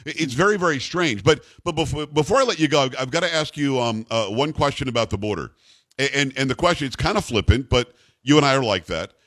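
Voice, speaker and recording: A man hosts a talk radio interview at a rapid clip, pressing his points with incredulous emphasis. His words pile up and stumble when he gets worked up, and the sound is dry and close. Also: mid-range voice, no room sound. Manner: fast, emphatic, incredulous, stammers when excited. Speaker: radio talk show host.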